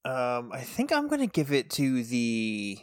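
A man's voice: mid-range voice, wildly swooping pitch, measured pace, darkish tone, no room sound. A man co-hosting a casual podcast, laid-back and laughing along, tossing in dry jokey asides. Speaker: podcast co-host.

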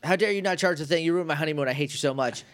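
A man putting on the voice of a female villain queen, shrill and outraged while recapping a kids' show. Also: racing, dry recording, natural voice. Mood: furious. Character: angry space witch queen, shrieking.

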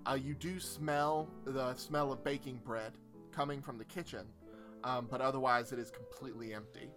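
A man running a tabletop game, narrating the scene in a relaxed, halting way with many fillers. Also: medium pitch, music in the background. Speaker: game master.

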